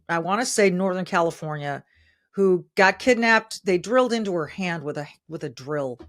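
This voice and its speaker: On her podcast, a middle-aged host offers forceful opinions, driving points home by repeating phrases. Her voice is on the low side, with a fairly bright tone.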